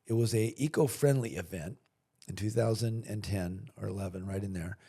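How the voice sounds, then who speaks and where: A man's voice: lowish voice, moderate pace, vocal fry, dark tone, slightly rough. A man guesting on a podcast, telling a personal story in a casual way and acting out the dialogue. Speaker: podcast guest, chamber of commerce chairman. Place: podcast studio.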